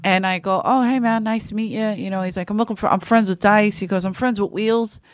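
A woman's voice: mid-range voice, fairly even intonation, a little fast. A woman hosting a podcast in casual chat, telling stories with swearing and frequent laughs. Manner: chatty storyteller, swears freely, laughs often. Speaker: podcast host.

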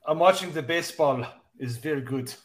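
A man doing a mock foreign accent with halting, broken grammar as a joke in a casual podcast chat. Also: fairly high pitch, a crowd in the background. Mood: playful.

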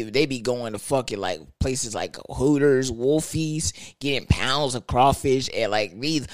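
A man's voice: mid-range voice, no echo. A young man telling a profane, slang-heavy story rant.

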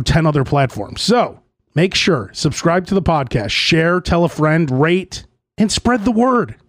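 A man hosting his comedy podcast in a casual monologue, brash and excitable, laughing at his own jokes. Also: a little high, no room sound, studio quality.

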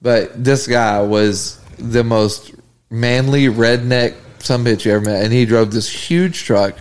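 A man in casual podcast chat, telling funny stories, laughing often and acting out quotes in a higher voice. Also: a little slow. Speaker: podcast co-host.

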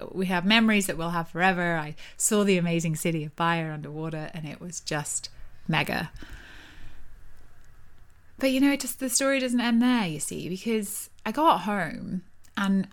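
Lower-voiced woman telling a story. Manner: vivid, breathless retelling with restarts. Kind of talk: personal storytelling to camera.

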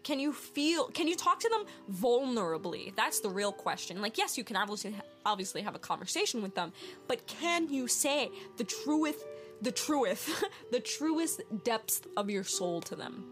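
A woman's voice: a little high, very animated, normal speed, faint music behind. A woman hosting a spiritual self-help show, chatty and bubbly, laughing often and saying "like" a lot. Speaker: host of a wellness podcast.

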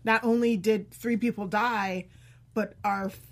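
A woman's voice: medium pitch, steady tone, unhurried. A woman co-hosting a casual TV review chat, who speaks emphatically and chimes in with her own reactions. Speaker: podcast co-host.

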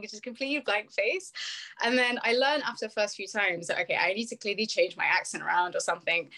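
A woman's voice: medium pitch, fairly quick, bright, forceful tone. Brief: chatty British woman, casual video-call conversation, laughs easily, plenty of fillers. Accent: British English. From United Kingdom.

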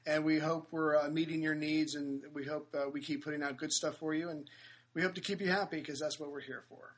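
A man hosting a podcast, chatting casually in a hotel room, upbeat and quick to agree. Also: on the high side, fairly even intonation. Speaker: podcast host. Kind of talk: casual chat.

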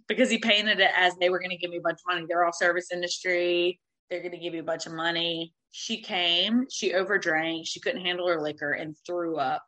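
Woman, thirties, bright tone, animated confessional storyteller who swears freely. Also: lowish voice, brisk, low-quality recording. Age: 30s. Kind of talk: candid storytelling.

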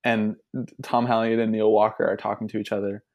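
A man co-hosting a casual sports podcast, animated and laughing as he acts out quotes. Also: on the low side, brisk. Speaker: podcast co-host.

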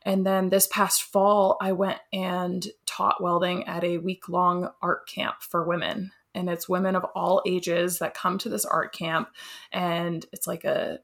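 Young woman guest, low gravelly voice, easygoing enthusiastic chat. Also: little pitch movement, a little slow. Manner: enthusiastic, chatty, laughs often. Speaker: welder and artist guest. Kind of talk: casual interview chat.

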